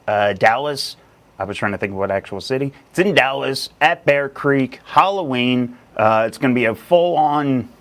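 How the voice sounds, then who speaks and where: Man, host of a live stream, loose and energetic, rambling with fillers, middle pitch. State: a little out of breath. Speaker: real estate investor hosting a live stream. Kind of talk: casual live stream talk.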